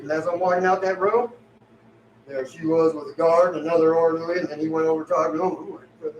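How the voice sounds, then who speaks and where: High-voiced guy cussing up a storm, mic far off, roomy echo. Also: a little fast, highs cut off. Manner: rowdy, swears heavily, tells stories acting out both sides. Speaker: podcast co-host. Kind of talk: profane casual chat. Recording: echoey room, far from mic, faint hiss.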